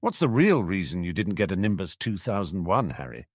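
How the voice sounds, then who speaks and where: A man's voice: sits low, sing-song, fairly quick, a little mellow, dry recording, studio quality. A man doing an eager blunt teen boy. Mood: puzzled. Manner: blunt, puzzled questioning.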